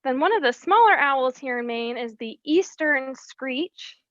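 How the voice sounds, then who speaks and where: A woman, a wildlife educator, giving an explanatory presentation about birds and often pausing on "um". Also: sits high, animated, a bit bright, no echo, highs cut off. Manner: explanatory, with frequent ums.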